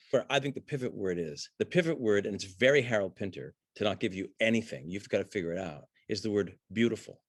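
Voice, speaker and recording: A middle-aged man, an acting teacher, breaking down a film scene for an online class over a video call, animated and conversational. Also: lowish voice, no echo. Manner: animated, conversational, jumps into reading script lines.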